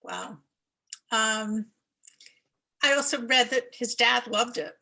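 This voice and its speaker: A woman interviewer works through her questions hesitantly, pausing on fillers. Her voice is raspy and gravelly, slightly high, and she speaks slowly. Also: fairly even intonation, sharp tone.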